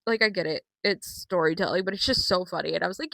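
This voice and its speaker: A young woman recapping wrestling shows in a casual, chatty vlog, swearing often and filling pauses with ums. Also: lowish voice, creaky, pushed and bright, no echo. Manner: chatty and profane, with frequent fillers. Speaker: wrestling vlogger.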